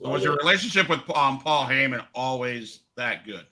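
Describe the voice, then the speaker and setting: A man hosting a podcast who mostly chimes in with short reactions and casual questions. His voice has a very bright, sharp edge at a middle pitch. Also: expressive, normal speed. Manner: brief reactive interjections. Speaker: podcast host.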